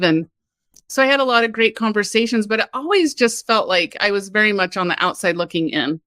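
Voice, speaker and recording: A woman from Kansas, a podcast guest, telling her personal story in a lively, candid way with laughs and frequent "like". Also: medium pitch, brisk, no echo. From Kansas, United States.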